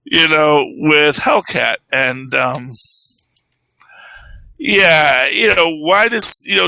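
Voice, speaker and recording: A man's voice: on the high side, vocal fry, sharp tone, dry recording, poor audio. A man co-hosting a podcast, talking comics in a rambling, casual way full of "you know" and "um". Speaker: podcast co-host. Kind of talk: casual chat about comics.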